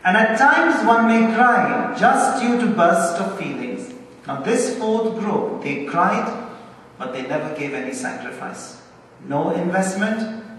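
A man delivering a sermon, stressing key words slowly and with emphasis. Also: sits high, fairly bright tone, a little hiss or hum. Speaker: preacher. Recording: echoey hall, speaker far from mic.

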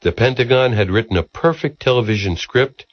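A man narrating a documentary in a measured, ironic way, stepping through dates. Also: mid-range voice, lively intonation, husky, no room sound, dull audio.

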